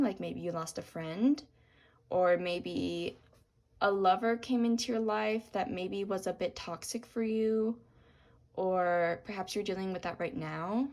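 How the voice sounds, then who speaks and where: A young woman giving a tarot reading, gentle and reassuring, with frequent ums and apologies, her voice cracking from talking a lot. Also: medium pitch. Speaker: tarot reader.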